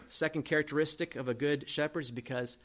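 A man preaching an expository sermon. He reads scripture aloud slowly and swings between loud emphasis and soft asides. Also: a little high, steady tone. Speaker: pastor.

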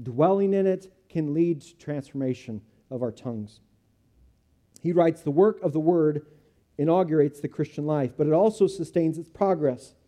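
Man preaching, dark mellow voice. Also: a little high. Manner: earnest, measured preaching in short phrases. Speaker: pastor. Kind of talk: sermon and closing prayer. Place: church.

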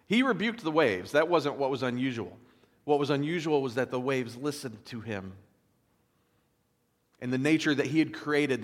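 A man preaches in a relaxed, conversational way, reading verses aloud and breaking off into lively asides. His mid-pitched voice carries a long reverb, as if heard in a large hall. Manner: animated storytelling with asides and little laughs; casual, conversational preaching with fillers. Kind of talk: sermon reading and explaining scripture.

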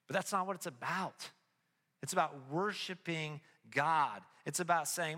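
Animated man preaching in a reverberant hall. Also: a little high, fairly quick. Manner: animated storytelling, voice rising when excited. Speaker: pastor. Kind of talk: casual sermon.

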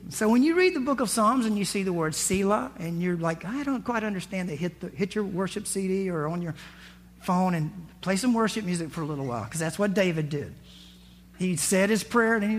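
A male pastor preaching in a relaxed, conversational manner, his voice sitting high for a man. He acts out the scriptures and quotes with rising emphasis. A faint hum runs underneath the recording. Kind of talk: sermon.

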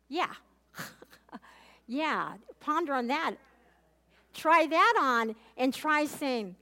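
A woman's voice: sits high, lively intonation, slow pace, pauses often, bright, forceful tone. A woman leading a conversational Bible study, earnestly asking her listeners questions and often repeating and restarting her phrases. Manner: earnest, questions the audience directly. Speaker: Bible teacher.

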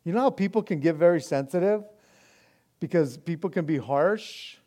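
A man preaching, reading scripture slowly and then explaining it in loose, animated everyday talk. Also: fairly high pitch. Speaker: pastor. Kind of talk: sermon.

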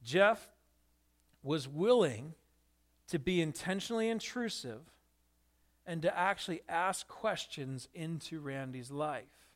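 A man preaching a sermon, telling a story in an animated way and asking his listeners questions. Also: a little high, slow pace, long pauses. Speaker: pastor.

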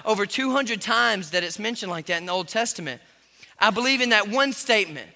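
A man preaches in a high, very bright, cutting voice, building to sudden loud bursts of emphasis. The sermon rings through a large church hall with a long reverb tail. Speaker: pastor.

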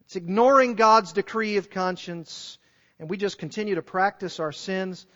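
A male preacher with a high voice gives an earnest sermon, coming back again and again to pointed rhetorical questions, speaking at normal speed in a slightly bright tone. A large church sanctuary gives his voice a long reverb, though the recording sounds dull and muffled.

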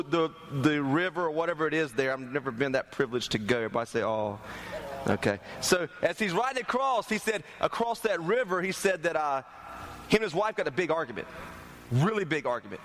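A man's voice: fairly high pitch, a little hiss or hum. A young man from North Carolina, preaching a sermon in a church, telling jokes and asking the congregation to respond. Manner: lively, joking storyteller, asks the congregation to respond. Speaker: pastor.

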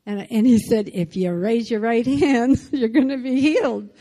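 A woman's voice: a little high, moderate pace, warm tone, long reverb tail. A woman giving a fervent testimony to a church congregation.

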